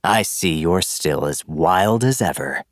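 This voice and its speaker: A man's voice: low-pitched, animated, slow, dry recording, studio quality. A man voicing a composed, cackling male assassin who mocks his young opponent in a storybook reading. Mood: mocking. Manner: mocking and taunting.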